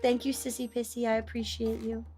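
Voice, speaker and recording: A young woman streamer chatting casually, telling family stories with playful, loud acted-out quotes. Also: fairly high pitch, level tone, fairly quick, soft background music. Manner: chatty storytelling, playful, acts out quotes loudly. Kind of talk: casual chat.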